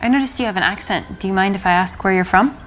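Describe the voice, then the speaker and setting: A woman's voice: medium pitch, quick pace, a bit bright, slight background noise, natural voice, poor audio. A woman playing a poised young woman who turns down advances in a dry, polite, unimpressed way. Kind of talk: game dialogue acting.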